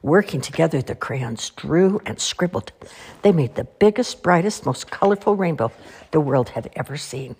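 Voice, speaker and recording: A woman reading children's stories aloud in an expressive, sing-song way. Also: deep voice, moderate pace, husky. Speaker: storyteller. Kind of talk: children's story read-aloud.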